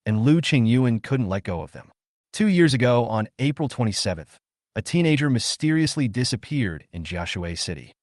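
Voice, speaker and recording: A man with a fairly low voice narrates a comic story, his pitch rising and falling a lot as he goes. The sound is dry and close. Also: no echo.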